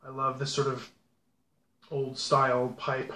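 A man's voice: mid-range voice, monotone, unhurried, sharp tone. A man hosting his own channel, chatting casually and rambling with self-deprecating asides as he unboxes things. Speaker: pipe-smoking channel host. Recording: echoey room with faint background noise.

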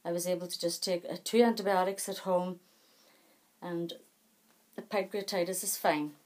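A middle-aged woman talks casually to her camera with a somewhat low voice. She rambles from one thing to the next in a chatty, self-deprecating way. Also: steady tone, moderate pace, darkish tone. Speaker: vlogger.

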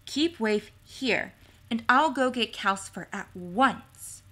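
A woman's voice: fairly high pitch, animated, takes it slowly, pushed and bright, exaggerated voice. A woman reading the part of an anxious, earnest young woman who speaks in a raised, breathless voice. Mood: urgent. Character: young woman, anxious but quick to act.

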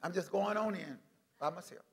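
A man's voice: high-pitched, normal speed, pitched below the performer's own voice, natural voice. A man preaching who briefly voices a reluctant man who stays home from church, grumbling and making excuses.

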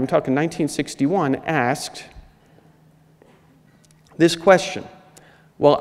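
A man giving a conference keynote lecture as a historian, talking through slides with rhetorical questions, recorded over a PA in a large hall. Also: fairly high pitch. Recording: hall with long reverb.

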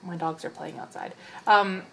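A woman's voice: lowish voice, fairly even intonation, normal speed, creaky, a little hiss or hum. A young woman giving casual, chatty commentary over her gameplay and talking to her game characters. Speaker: let's play host.

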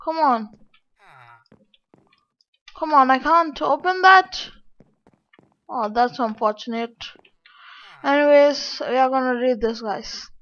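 A woman's voice: sits high, slow pace, long pauses, a bit bright. A woman giving casual game commentary, complaining aloud to her viewers in an exasperated way. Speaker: gaming channel host. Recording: dull lo-fi.

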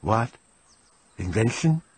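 A dazed old professor rat mumbles his bewildered questions, as a man reads him aloud. The voice is husky and swings widely in pitch. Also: big pitch swings, takes it slowly, darkish tone, exaggerated voice. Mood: puzzled. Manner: mumbling, puzzled.

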